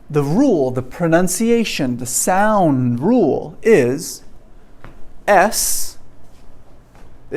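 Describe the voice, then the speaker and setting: A man teaching a pronunciation lesson, explaining slowly and checking in often with "okay?". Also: fairly high pitch, a little mellow. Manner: slow, repetitive, checking in with "okay?". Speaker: English teacher.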